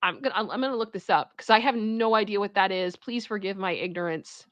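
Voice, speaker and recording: A woman's voice: mid-range voice, fast talker, fairly bright tone, no room sound. Woman w a toronto accent just chatting to her stream, rambly, keeps restarting, dry close sound. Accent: Toronto Canadian. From Toronto, Canada. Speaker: livestream host. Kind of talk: casual livestream chat reading the chat.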